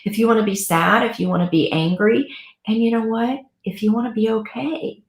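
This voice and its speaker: Animated woman in an echoey room. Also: on the high side, fairly quick. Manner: warm, animated, gushing storyteller. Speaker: pet loss guide and co-host. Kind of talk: casual talk show chat.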